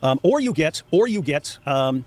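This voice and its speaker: A man's voice: fairly high pitch, sing-song, normal speed, a little mellow. A man giving casual video commentary, emphatic and often repeating himself. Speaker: online commentator.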